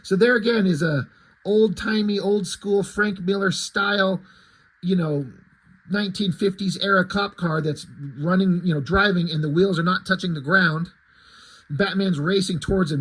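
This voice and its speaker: Man, comic book reviewer, high-pitched voice, husky, sarcastic, swears a lot, casual commentary. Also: fairly even intonation, normal speed, fairly bright tone, poor audio. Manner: sarcastic and profane, with frequent asides.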